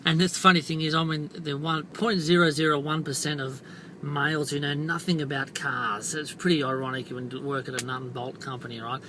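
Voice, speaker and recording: A man's voice: on the high side, fairly even intonation, brisk, pushed and bright, slight background noise. A middle-aged man, telling a self-deprecating story to camera in a casual vlog, full of fillers and "right?" tags. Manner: chatty, self-deprecating, many fillers and tag questions. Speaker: marketing and copywriting vlogger.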